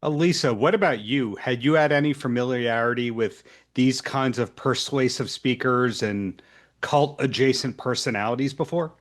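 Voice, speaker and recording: A man's voice: mid-range voice, moderate pace. A man hosting a podcast, asking his guests friendly conversational questions over a video call. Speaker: podcast host. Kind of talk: interview questions. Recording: remote video call audio.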